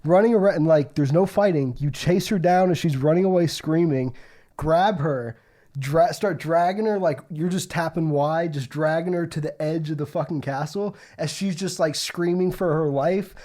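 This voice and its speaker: A man's voice: on the high side, normal speed, warm tone. A young man co-hosting a podcast, telling a story in casual chat, rambling with lots of fillers and swearing. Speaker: podcast co-host.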